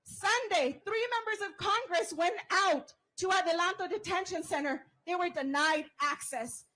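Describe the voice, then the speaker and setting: A woman's voice: extremely high pitch, moderate pace, sharp tone, low-quality recording. A woman giving an impassioned protest rally speech outdoors, leading call-and-response chants as a union member.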